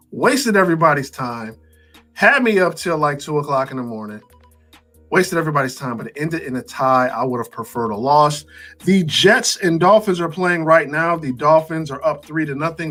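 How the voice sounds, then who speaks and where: A man co-hosting a casual sports talk show, running through scores with animated, wry asides. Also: a little high.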